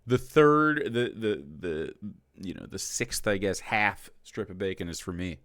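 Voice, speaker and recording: Streamer, male, low-pitched, dry close sound, profane and exasperated. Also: very animated, a little slow, a bit bright, no room sound. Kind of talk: casual reaction commentary.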